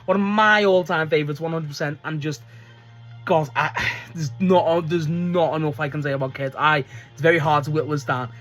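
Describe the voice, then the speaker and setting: Excitable, swearing wrestling fan host. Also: mid-range voice, normal speed, soft background music. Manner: excitable, swears freely, restarts sentences often. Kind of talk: casual rambling fan monologue.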